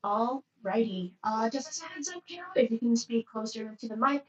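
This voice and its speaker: A woman narrating as game master of a tabletop role-play game in a measured manner. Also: on the high side, animated. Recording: roomy, distant mic.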